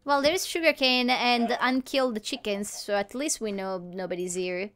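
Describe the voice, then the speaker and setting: A woman chatting casually while playing a game, playful and giggly, with excitable exclamations. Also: a little high, moderate pace. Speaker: gamer recording a let's play. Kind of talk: casual gameplay chat.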